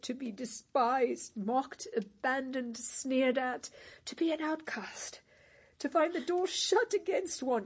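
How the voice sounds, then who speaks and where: A woman's voice: on the high side, a little mellow, breathy edge. An actress playing a worldly woman with a shameful past, pleading urgently and with passion in a stage drama.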